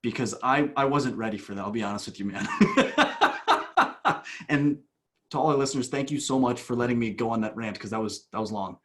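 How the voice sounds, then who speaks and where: A man in a podcast interview, a coach recounting a session at length. His voice sits mid-pitch, and he moves from quick excited bursts to quiet, hushed asides. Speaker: guest, coach.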